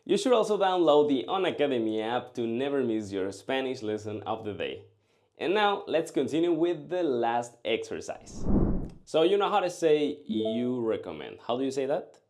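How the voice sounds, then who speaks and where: A man teaching a language lesson, drilling short phrases and answers in a slow, carefully enunciated way. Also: mid-range voice, very animated, darkish tone.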